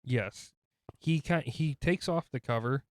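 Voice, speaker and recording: A man's voice: medium pitch, unhurried, dry recording, studio quality. A man co-hosting a podcast who chats playfully about a film, asking questions and cracking jokes. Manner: chatty, playful jokes, often asks questions. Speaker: podcast co-host. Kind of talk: casual film discussion.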